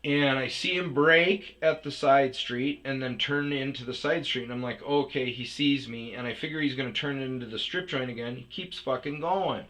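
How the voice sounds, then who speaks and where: A man casually telling a profane, animated story about chasing a delivery driver, with yelled reenactments. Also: medium pitch, moderate pace, hardly any pauses. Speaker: storyteller host. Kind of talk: casual ranting anecdote.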